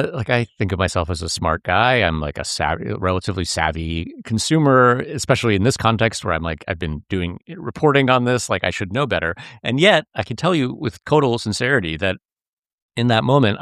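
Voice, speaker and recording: A man, a reporter, talking in an interview in an earnest, halting way, often restarting his sentences. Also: on the low side, a bit bright, no echo, studio quality. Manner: earnest, halting, with frequent restarts and filler words. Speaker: reporter and podcast co-host, interview guest. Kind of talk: conversational interview.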